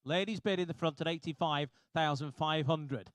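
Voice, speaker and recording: A man working as an auctioneer, calling bids briskly and repetitively with jokey asides to the room. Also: a little high, smooth, no room sound. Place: auction hall.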